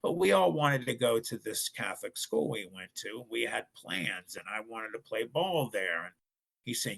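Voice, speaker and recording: Gravelly middle-aged man telling a story. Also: medium pitch, moderate pace. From Ohio, United States. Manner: animated, acts out others' voices. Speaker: guest. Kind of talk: casual storytelling.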